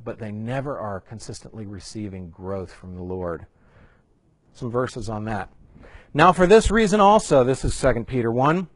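A man's voice: mid-range voice, no room sound. A man teaching church small group leaders in a conversational way, reading scripture aloud with rising emphasis and slipping in jokey asides.

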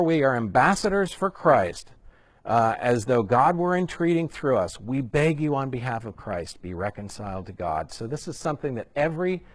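A man's voice: mid-range voice, no echo. A man teaching church small group leaders in a conversational way, reading scripture aloud with rising emphasis and slipping in jokey asides.

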